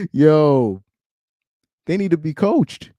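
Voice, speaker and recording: Ranting man, mellow voice, lively pitch. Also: extremely slow, dry recording, studio quality. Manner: blunt, ranting, laughs often. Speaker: commentary streamer. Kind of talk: casual reaction commentary.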